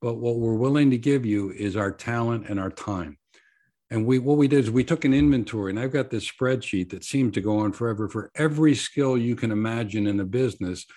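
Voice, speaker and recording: An earnest man in conversation, laying out his story at a steady, measured pace and acting out what people said to him. His voice sits at an ordinary middle pitch for a man, neither deep nor high. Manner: earnest, measured, tells stories with quoted dialogue. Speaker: nonprofit founder guest.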